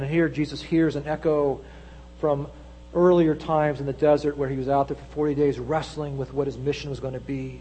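Male preacher, high voice, dramatic, loud peaks and hushed drops. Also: fairly even intonation, moderate pace, slightly rough, rough recording. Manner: dramatic, swings between loud emphasis and hushed low asides. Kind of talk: sermon.

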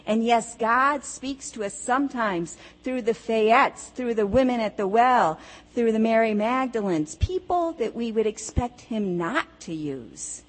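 A woman preaching a sermon, slow and deliberate, earnest as she works through rhetorical questions. Her voice rings with a long hall reverb. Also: on the high side, lively intonation. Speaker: pastor or preacher. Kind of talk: sermon with storytelling.

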